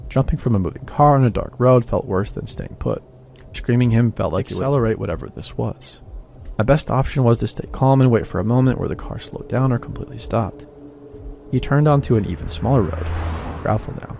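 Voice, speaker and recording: A man reading a first-person horror story as scripted narration, in a quiet, even way. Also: on the low side, vocal fry, a little hiss or hum. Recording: voice-over with faint music beneath.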